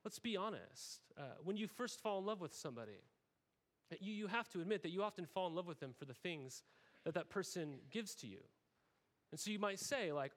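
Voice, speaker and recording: Talkative pastor with a higher voice. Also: male voice, animated, a little fast. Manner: conversational, frequent "right?" tags, acts out quoted voices. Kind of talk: sermon.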